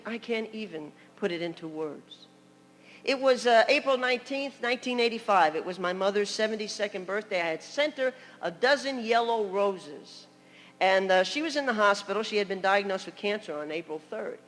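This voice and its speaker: A woman's voice: medium pitch, fairly bright tone, in a large hall. An older woman from New York preaching a sermon as a story, chatty, with laughing asides and many "you know"s.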